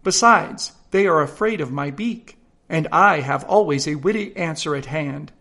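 A self-satisfied storybook parrot, put on by a man reading aloud, lecturing the other birds and bursting into shrill, loud squawks. The voice stays high with a gravelly rasp. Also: normal speed, full character voice. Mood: smug. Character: smug, boastful pet parrot, male.

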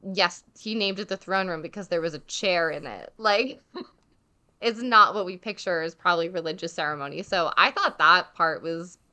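A woman's voice: on the low side, normal speed, clear, resonant tone. A young woman telling a travel story in casual chat, full of "like" and acted-out quotes. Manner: chatty, heavy filler "like", animated quoting.

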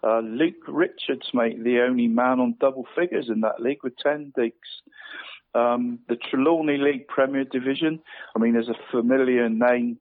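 A man phones into a radio sports show with his league round-up, stumbling and repeating words as he goes. His voice sits at an ordinary middle pitch and comes through a thin, tinny phone line. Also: fairly even intonation, normal speed. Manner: hesitant, repeats words, says "mate" constantly. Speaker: football league pundit.

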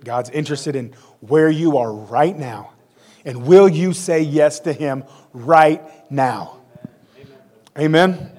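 A man's voice: a little high, takes it slowly, darkish tone. A man in his forties preaching a conversational sermon with self-deprecating humor. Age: 40s. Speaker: pastor.

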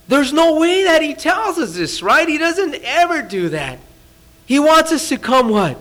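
Preaching in a church, a Californian pastor delivers his sermon in a relaxed, conversational way and a little slowly. His voice is high for a man and swings widely in pitch. He keeps posing rhetorical questions to the congregation and at times drops to a soft, near-hushed voice for emphasis.

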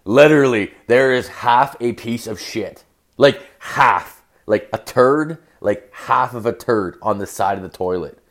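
A young man hosting a podcast tells a story in a casual, rambling monologue, his medium-pitched voice unhurried. He swears constantly and says "like" all the time.

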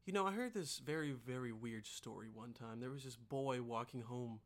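A man hosting a podcast, doing a rowdy, profane comedic ad read with sudden loud outbursts. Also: medium pitch, moderate pace. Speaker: podcast host.

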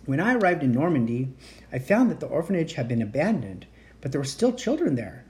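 A woman reading as a calm, weary enchantress. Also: low voice, fairly quick. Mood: calm, worried. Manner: calm, soft-spoken. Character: gentle, weary young enchantress caring for children.

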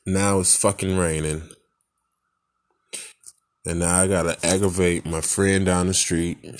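Deep, slow-talking man ranting angrily. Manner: angry, profane, venting; rambling with rhetorical questions. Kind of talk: frustrated personal rant.

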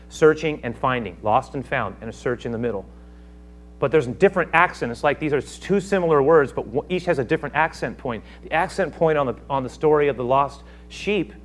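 A pastor preaching a sermon, swinging between hushed asides and loud, emphatic passages. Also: male voice, mid-range voice.

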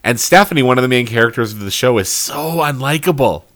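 A man's voice: medium pitch, expressive, fast, a bit bright. Sarcastic man on a TV review podcast. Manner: sarcastic, swears freely, laughs often. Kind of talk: casual chat.

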